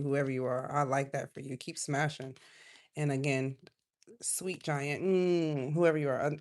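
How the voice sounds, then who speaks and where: A woman giving a casual live tarot reading, chatty and loose, drifting from quiet asides to loud outbursts. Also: sits low. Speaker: tarot reader.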